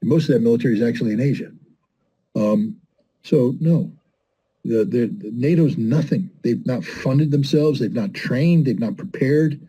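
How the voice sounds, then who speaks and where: A man's voice: mid-range voice, moderate pace, dark tone, husky, rough recording. A middle-aged man giving blunt, impassioned political commentary, full of rhetorical questions and mocking quotes. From United States.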